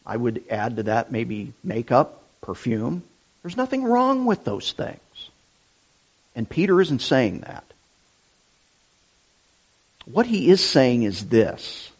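A middle-aged man preaching a sermon, deliberate and emphatic, repeating his key phrases. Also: medium pitch, wildly swooping pitch. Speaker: pastor. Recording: dull lo-fi sound.

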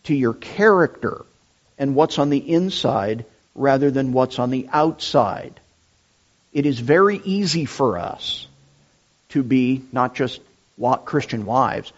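A middle-aged man preaching a sermon, deliberate and emphatic, repeating his key phrases. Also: medium pitch. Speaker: pastor. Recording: dull lo-fi sound.

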